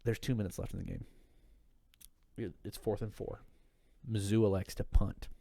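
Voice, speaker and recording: A man's voice: fairly low pitch, fairly even intonation, moderate pace, creaky, warm tone, no echo, clean studio sound. Profane, heated man telling a story. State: tipsy. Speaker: podcast guest. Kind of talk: casual drunk podcast chat.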